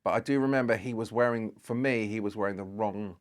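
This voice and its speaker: A man's voice: fairly low pitch, fast. A man, a guest on a podcast, telling a long anecdote in casual chat and acting out the dialogue as he goes. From Britain. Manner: rambling storyteller who acts out dialogue.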